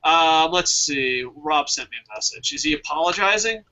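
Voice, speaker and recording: Male host, bright, sharp voice, profane and animated, casual web show. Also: on the high side, normal speed, low-quality recording. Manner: animated, profane, laughs often at his own jokes. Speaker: host of a fantasy wrestling draft show.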